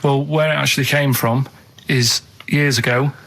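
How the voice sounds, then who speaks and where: A man with a Manchester accent, telling rambling anecdotes in a deadpan way as a co-host in casual chat. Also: medium pitch, normal speed, vocal fry. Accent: Mancunian.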